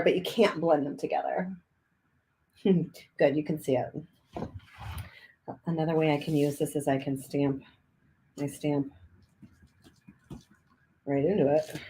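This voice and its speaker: A woman's voice: low-pitched, animated, measured pace, long pauses, darkish tone. A woman giving a casual, upbeat art journaling demonstration, chatting as she works in a cold room above a garage. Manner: chatty, upbeat, talks while working. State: chewing a cough drop. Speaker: art instructor.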